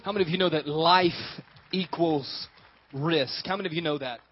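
A man's voice: fairly high pitch, moderate pace, muffled recording, soft background music. A male pastor preaching a sermon, joking and talking with the congregation.

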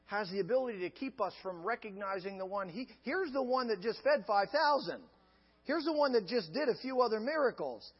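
High-voiced pastor preaching in a reverberant hall. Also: male voice, husky. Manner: emphatic, repetitive preaching cadence. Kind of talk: sermon. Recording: dull lo-fi sound with long reverb.

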